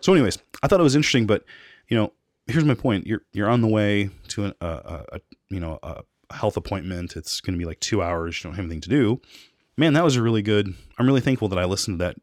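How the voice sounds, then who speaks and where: A man's voice: fairly low pitch, fast talker, no echo, studio quality. A man co-hosting a podcast, talking casually and reviewing a debate, with frequent restarts and asides. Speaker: podcast co-host.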